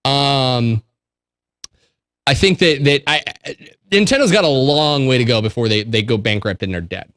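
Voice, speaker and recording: A man's voice: medium pitch, lively intonation, moderate pace, a bit bright, no room sound, studio quality. A man co-hosting a late-night call-in show, talking casually and rambling, often repeating words as he hunts for his point. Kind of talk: casual chat.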